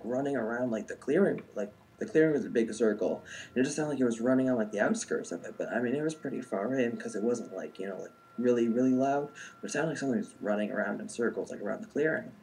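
A man's voice: medium pitch, darkish tone, slight background noise. A young adult man telling a personal story in a casual, rambling way, full of "like" and "um". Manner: rambling, heavy use of "like" and "um".

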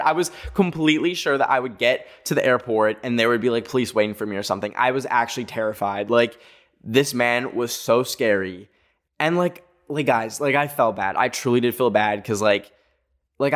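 A man's voice: mid-range voice, moderate pace. Young guy in his twenties, casual storytime vlog, chatty, rambling, filler-heavy. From Canada. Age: 20s. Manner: rambling, animated, full of filler "like".

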